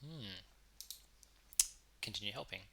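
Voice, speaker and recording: A man's voice: fairly low pitch, lively intonation, slow, creaky, bright, forceful tone, husky, rough recording. A man playing through a narrative game, reading the text aloud and breaking off for chatty asides. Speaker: let's play streamer. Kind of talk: reading a visual novel aloud with commentary.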